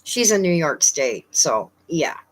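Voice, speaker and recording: A woman's voice: low-pitched, sing-song, slow pace. A woman from Canada talking casually on a live stream, chatty with lots of fillers and addressing viewers by name. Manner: chatty, many fillers, reads out viewer names.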